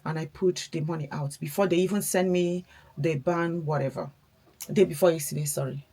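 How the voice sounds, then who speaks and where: Beauty vlogger, woman, husky, lowish voice, chatty and reflective. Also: fairly even intonation, a little fast, warm tone. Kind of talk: casual chat while doing makeup.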